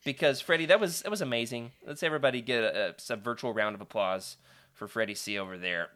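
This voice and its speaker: A man's voice: medium pitch, quick pace, fairly bright tone. A man hosting a live stream, chatty and playful, reading a choose-your-own-adventure book aloud to his viewers.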